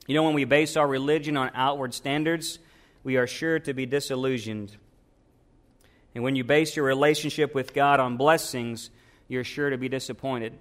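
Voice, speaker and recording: A man's voice: mid-range voice, brisk. A man, a pastor, preaching a sermon and asking his congregation questions.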